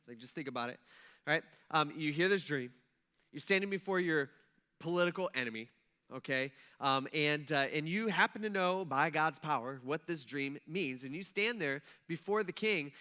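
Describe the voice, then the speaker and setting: A male pastor preaching a conversational sermon in a church, animated and checking in with the congregation with "okay?" and "right?". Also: sits high. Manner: animated, acts out quoted voices, frequent "okay?" and "right?". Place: church sanctuary.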